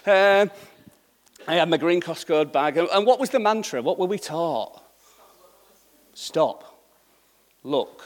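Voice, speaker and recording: A man's voice: high-pitched, expressive, normal speed, long reverb tail. A middle-aged man preaching a sermon in a conversational way, often checking in with the congregation. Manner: conversational, checks in with repeated "yeah?".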